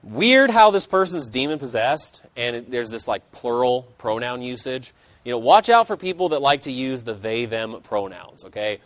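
A man's voice: medium pitch, very animated, moderate pace, no echo. A man preaching a sermon, emphatic, with casual conversational asides between scripture readings. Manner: emphatic, conversational asides, rising and falling intensity.

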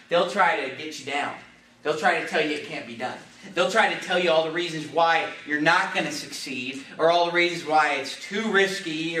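A middle-aged man preaching a sermon as pastor, emphatic and excitable, his voice rising into shouts. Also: on the high side. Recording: echoey hall from far off, faint noise.

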